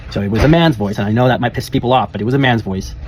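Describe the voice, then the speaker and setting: Talking rapid-fire in a medium-pitched voice, a young man who works as a life coach delivers a rambling, earnest, casual monologue about himself. He laughs often and restarts sentences, and a little hiss or hum can be heard.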